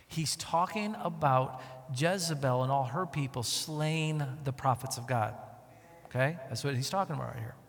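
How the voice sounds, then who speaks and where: A man preaching a sermon, emphatic, with rhetorical questions to his listeners and volume that swings from loud to hushed. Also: medium pitch, moderate pace, creaky. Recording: long reverb of a hall.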